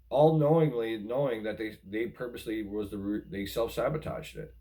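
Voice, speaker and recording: With a mellow, mid-range voice at a moderate pace, this man vlogs relationship advice in a casual spoken style. He keeps repeating himself earnestly and frequently calls his viewers guys.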